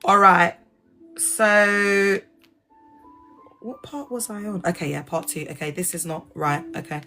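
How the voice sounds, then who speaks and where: A woman hosting a casual livestream, talking in an animated, digressive way and spelling out sensitive words letter by letter. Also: on the low side, a little slow, faint music behind. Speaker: livestream host. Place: lives in England.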